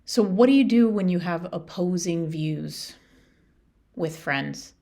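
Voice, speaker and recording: A woman's voice: lowish voice, lively intonation, slow pace, creaky, mellow. Earnest, chatty woman podcast host. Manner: earnest, chatty, many restarts and "like". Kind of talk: casual reflective monologue.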